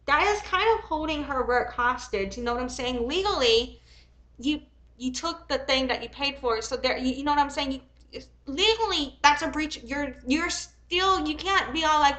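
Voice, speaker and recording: A woman reacts on a live stream, reading messages aloud and breaking off into heated, profane rants. Her voice sits high and bright. She rambles, restarts and fills gaps with ums. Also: moderate pace, low-quality recording. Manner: heated and profane, swings from reading calmly to angry outbursts. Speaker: commentary streamer.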